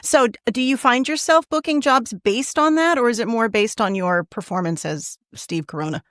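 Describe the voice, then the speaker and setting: Woman, fairly high voice, dry close sound, chatty podcast host, laughs often. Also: normal speed, a bit bright, no room sound. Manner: chatty, laughs often, gives short backchannels. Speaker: podcast host and acting teacher. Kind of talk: casual interview chat.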